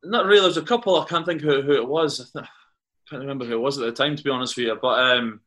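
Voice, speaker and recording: A medium-pitched, somewhat bright voice comes quickly from this Carnoustie-born former footballer. Chatting casually as a podcast guest, he tells anecdotes that drift, restart, and repeat words.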